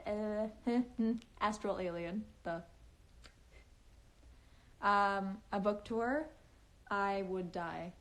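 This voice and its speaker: A woman's voice: medium pitch, drawn-out words, pauses often. A young woman chatting casually on a phone live stream, giggling often and speaking in a valley-girl lilt full of fillers. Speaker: livestreaming author.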